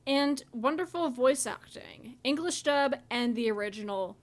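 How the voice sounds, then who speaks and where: A woman's voice: high-pitched, lively intonation, a little slow. A woman co-hosting a podcast in casual chat, sarcastic and full of "like" fillers. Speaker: podcast co-host.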